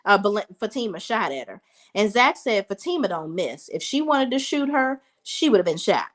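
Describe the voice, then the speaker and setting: A woman's voice: mid-range voice, sing-song, normal speed. Chatty woman recapping a reality show. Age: 30s. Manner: chatty, talks straight to viewers as y'all. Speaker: reality TV reviewer. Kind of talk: casual episode recap.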